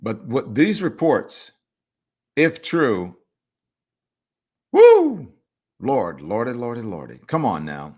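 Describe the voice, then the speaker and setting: A male talk show host with a somewhat low-pitched voice, running a livestream and reading out comments from viewers. He talks in an animated, emphatic way and adds playful, teasing asides. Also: unhurried, slightly rough.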